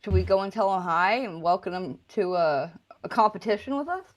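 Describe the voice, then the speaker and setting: A woman's voice: mid-range voice, expressive, a little fast. A woman joining a live stream as a guest, talking dramatically and swearing in a playful bit. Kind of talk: casual group stream chat.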